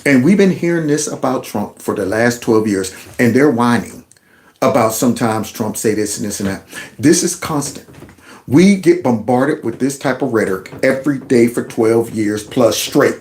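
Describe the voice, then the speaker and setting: A man's voice: medium pitch, lively intonation, normal speed, a little mellow. A middle-aged man, a former school principal, hosting a reaction commentary and talking back at clips in an indignant, mocking way.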